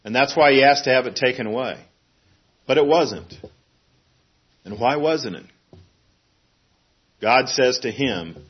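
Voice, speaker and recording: Husky middle-aged guy giving a sermon, earnest, kinda muffled recording. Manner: earnest, plain-spoken, acts out a fussing parent with sudden high pitch. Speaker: preacher.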